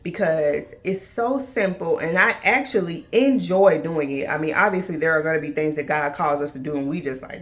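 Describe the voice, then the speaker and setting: This faith-based podcast host, a woman in her thirties, has a lowish, expressive voice and talks at normal speed with few pauses. She speaks casually to y'all and plays out dialogue with God and others.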